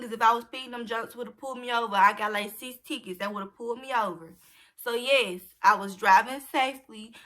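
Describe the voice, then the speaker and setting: A young woman with a drawl tells a storytime to her viewers, talking straight to them in a loose, chatty way. Her voice sits a bit high and sounds bright and clear. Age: young adult. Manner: chatty, addresses viewers directly as y'all. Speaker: vlogger. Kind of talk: casual storytime.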